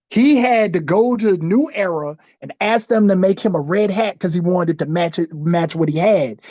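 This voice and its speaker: Podcast co-host, male, high-pitched, loose and rambling, muffled dry recording. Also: mellow, no room sound. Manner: rambling, full of fillers like "you know what I'm saying". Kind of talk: casual chat.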